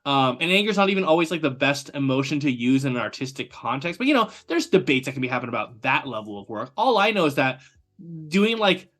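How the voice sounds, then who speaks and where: A young adult man from the United States, a guest talking animatedly in a casual chat, with lots of fillers. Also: mid-range voice. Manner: animated, quick and chatty, many fillers.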